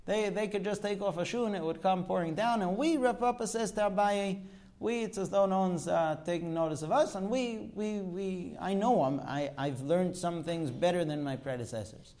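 A man's voice: sits high, normal speed, a little mellow. A man teaching a Talmud class, explaining texts and asking rhetorical questions. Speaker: religious teacher.

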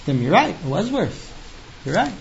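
High-pitched guy teaching a text, rattles off the hebrew then explains it, muffled lo-fi sound. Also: sing-song, gravelly, a little hiss or hum. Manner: chants the Hebrew quickly, then explains it in plain talk; emphatic, talks straight to the listener. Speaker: Torah teacher.

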